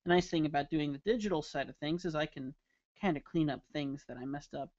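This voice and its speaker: Chatting casually and cracking jokes with his audience, this man draws caricatures on a live stream. He pitches on the higher side, talks a little fast with a slightly mellow tone, and there's no echo, but the stream audio sounds dull and lo-fi.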